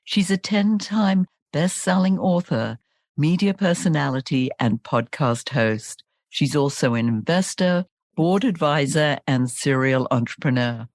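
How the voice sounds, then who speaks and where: A woman's voice: sits low, animated, a little slow, darkish tone, no room sound, clean studio sound. A woman hosting a podcast interview, enthusiastic and polished. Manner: enthusiastic, scripted-sounding intro. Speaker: podcast host.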